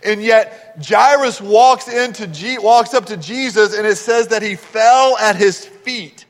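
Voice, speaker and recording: A man's voice: high voice, unhurried, in a large hall. A man preaching a sermon as pastor, earnestly explaining scripture verse by verse.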